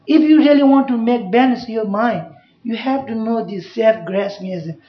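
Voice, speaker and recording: A Dharma teacher talks to a class in simple, halting English and keeps asking "yeah?" to check that listeners follow. The voice is mid-pitched. It sounds dull and muffled in a roomy, echoing space. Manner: simple broken English, frequent checks with "you know" and "yeah?". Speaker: Buddhist teacher. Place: class room. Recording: echoey, dull room recording.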